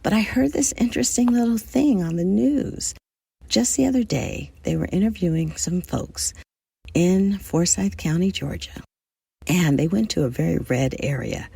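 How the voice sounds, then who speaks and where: A woman podcast host from the United States speaks in a low, husky, gravelly voice. She talks in a thoughtful, measured way with lively swings of pitch and addresses her listeners directly. The sound is dry and close. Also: no room sound. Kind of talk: reflective solo podcast monologue.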